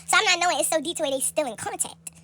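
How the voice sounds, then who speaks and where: A young woman with a high, bright voice rattles through a casual storytime at breakneck speed. She is animated and profane, full of slang, and jumps into a squeaky register to act out the people in her story. A phone held close picks her up. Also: rapid-fire.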